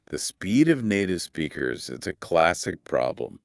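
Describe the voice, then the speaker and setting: A man's voice: low voice, very animated, a little slow, vocal fry, no room sound, studio quality. A man co-hosting a podcast English lesson, explaining patiently with emphatic stress. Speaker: English teacher, podcast co-host. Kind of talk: scripted podcast lesson dialogue.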